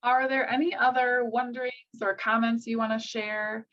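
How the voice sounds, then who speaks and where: A woman moderating a session, wrapping up in a brisk, organized way over a video call. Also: a little high, fairly even intonation, a bit bright, dull audio. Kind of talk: session wrap-up.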